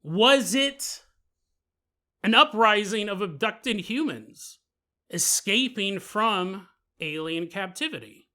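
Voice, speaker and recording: Podcast host: bright, high-pitched man, animated storytelling. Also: slow pace. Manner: animated, laughs while telling.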